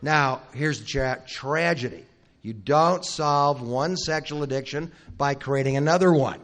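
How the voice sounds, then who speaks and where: A man's voice: medium pitch, unhurried, fairly bright tone. A man preaching a teaching sermon, retelling a Bible story in a conversational way, acting out the characters' lines and adding wry asides to the audience. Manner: asks the audience questions and adds wry asides. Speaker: Bible conference speaker.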